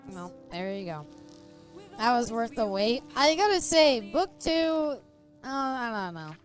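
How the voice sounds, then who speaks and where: A woman's voice: a little high, very animated, measured pace, faint music behind. A woman streamer chatting casually and joking while reading aloud, often laughing. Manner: giggly, joking. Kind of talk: casual chat while reading in-game book.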